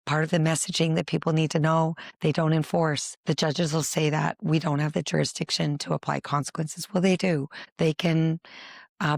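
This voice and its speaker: Earnest woman therapist with gravelly fry. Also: low voice, no echo, clean studio sound. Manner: earnest, emphatic, builds points in repeated lists. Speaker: family therapist and advocate. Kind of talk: documentary interview.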